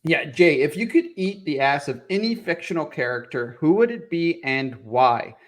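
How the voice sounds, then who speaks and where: A man's voice: a little high, lively intonation, moderate pace. A man co-hosting a casual livestream chat, swearing freely and laughing often. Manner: loose and profane, laughs often. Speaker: co-host.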